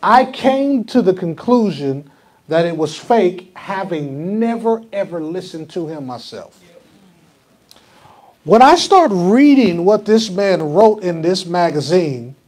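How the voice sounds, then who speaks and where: A man's voice: sits high, very animated, takes it slowly, darkish tone. A man pastor preaching a conversational sermon in a church, often asking the congregation questions. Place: church sanctuary.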